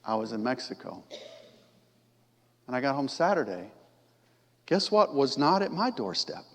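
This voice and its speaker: A man's voice: medium pitch, sing-song, measured pace, fairly bright tone. A middle-aged man preaching a sermon in a church, talking conversationally and asking the congregation questions. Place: church sanctuary. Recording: long church reverb.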